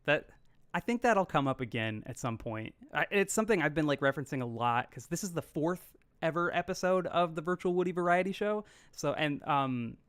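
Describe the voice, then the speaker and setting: A man hosting a streamed interview show, talking in a halting way with lots of fillers and restarts. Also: a little high, lively intonation, fairly bright tone, clean tone, no echo. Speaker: show host. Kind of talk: casual interview chat.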